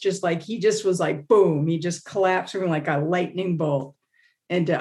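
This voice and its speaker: A woman guest on a podcast interview, telling a story in a casual, animated way, acting out quotes with laughs and fillers. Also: medium pitch, normal speed. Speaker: interview guest, meditation teacher.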